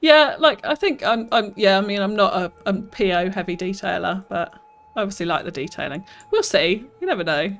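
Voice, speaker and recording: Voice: mid-range voice, expressive, fairly quick, creaky, a bit bright, faint music behind. Chatty streamer answering live chat. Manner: chatty, reads chat aloud and answers, self-deprecating laughs. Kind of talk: live gameplay commentary, chatting with viewers.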